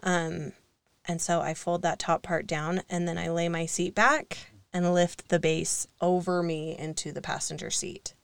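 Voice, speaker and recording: A young woman talks in a relaxed, chatty way, rambling through a story with fillers and small laughs. Her voice sits a little low and sounds smooth and clear. The room is dry, with no echo. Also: unhurried. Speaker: co-host. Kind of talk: casual podcast conversation.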